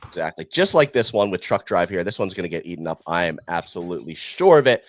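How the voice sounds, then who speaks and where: A man with a low, sing-song voice hosts a casual podcast, recorded with no echo. He's upbeat and chatty as he runs a prediction game, tossing in quick asides.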